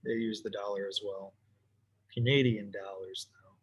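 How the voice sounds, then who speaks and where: A man teaching economics in a relaxed, offhand way, thinking aloud as he sketches graphs for an online class. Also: fairly low pitch, moderate pace, slightly rough. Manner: casual, talks to himself while drawing. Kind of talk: recorded lesson while sketching graphs.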